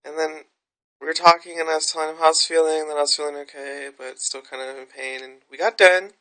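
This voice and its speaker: Woman, vlog monologue, bright sharp tone, frank, swears freely, rambling. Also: sits low, steady tone, fast talker. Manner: frank, profane, rambling storytelling. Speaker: vlogger.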